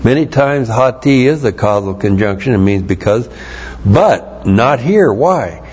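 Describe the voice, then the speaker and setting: A man preaching a Bible teaching sermon, explaining Greek words slowly and spelling them out letter by letter. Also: mid-range voice, expressive, a little mellow, breathy edge. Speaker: pastor. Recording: dull lo-fi sermon recording.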